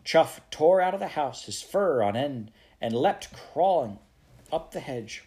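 A man reading a children's novel aloud in a steady storytelling manner. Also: on the high side, a little slow. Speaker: audiobook reader.

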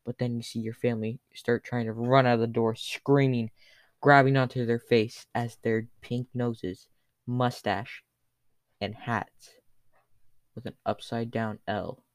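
A young man telling a rambling, absurd comic story in a crude, cursing, hurried way. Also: medium pitch, fairly even intonation, dry recording.

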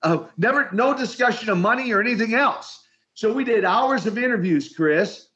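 An older man telling long stories in an interview, his voice on the higher side for a man. He is animated and often repeats words as he gets going, and the sound comes through a bit dull and lo-fi. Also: normal speed. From Minneapolis, Minnesota. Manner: animated storyteller, repeats words while starting sentences. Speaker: retired wrestler guest. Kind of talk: storytelling interview.

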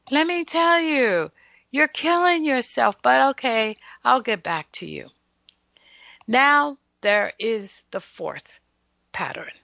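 A woman with a bright, gravelly voice, pitched a little high, delivers a radio health talk at an unhurried pace. She lectures with emphatic, teasing asides to her listeners. The sound is dry and a bit dull, like a lo-fi radio broadcast. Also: dry recording.

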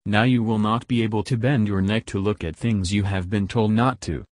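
Stern, scolding male creator spirit, read by a man, low and dry. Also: steady tone, normal speed, a little mellow, no room sound, natural voice. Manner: commanding and scolding. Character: stern, angry male Great Spirit and maker of all things.

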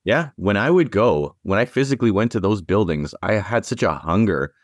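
Male host, very deep voice, relaxed, agreeable, dry close sound. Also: moderate pace, no echo. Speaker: podcast host. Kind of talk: casual interview chat.

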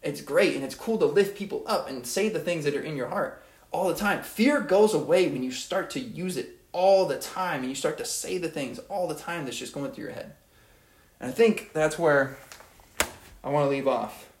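A man's voice: fairly high pitch, normal speed, a little mellow, roomy sound. A young man giving an earnest, rambling motivational monologue as a podcast host, often repeating his phrases.

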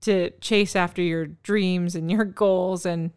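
A woman in her thirties co-hosting a casual podcast chat, expressive and quick to laugh. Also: fairly low pitch, smooth, no echo, studio quality. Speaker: podcast co-host.

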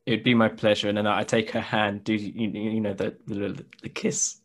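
A man's voice: fairly low pitch, normal speed. A man playing in a tabletop game, chatting casually and telling his moves with lots of laughter. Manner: laughing, animated storytelling. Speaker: player.

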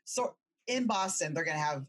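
Low, husky woman in casual chat. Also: lively intonation, no echo. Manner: chatty, quick to agree and chime in.

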